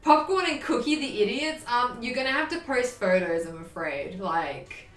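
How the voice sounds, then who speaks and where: A bubbly young woman chats through a casual live stream, her voice sitting a little high. She sounds set back from the mic in an echoey room. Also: moderate pace, fairly bright tone, far from the mic. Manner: bubbly, chatty, swears casually, baby-talks to her dog.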